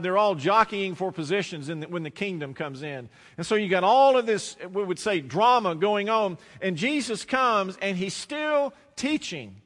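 A bright-voiced Southern American pastor preaches in a church sanctuary, his slightly high voice ringing with a long reverb. He tells stories and slows down or drops to a hush to stress a point. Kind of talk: sermon. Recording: long reverb of a large hall.

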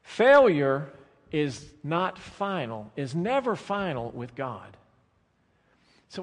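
A man preaching a sermon as pastor, swinging between soft, drawn-out phrases and loud, emphatic bursts. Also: a little high, sing-song. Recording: long reverb of a large hall.

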